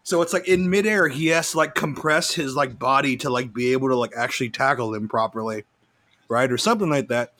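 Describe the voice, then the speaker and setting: A man in podcast banter, joking and chatting in a loose, filler-heavy way. His voice sits at a middle pitch. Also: a little fast, a bit bright. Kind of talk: casual podcast chat.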